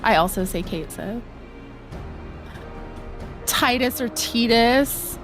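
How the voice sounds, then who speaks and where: A woman's voice: a little high, animated, slow, over music. A young woman chatting playfully on a game live stream, laughing often and reacting to chat.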